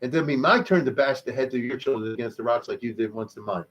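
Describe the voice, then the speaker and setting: A male rabbi teaching Jewish history in a lively, conversational lecture, explaining Hebrew terms as he goes. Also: mid-range voice, fast, dull audio.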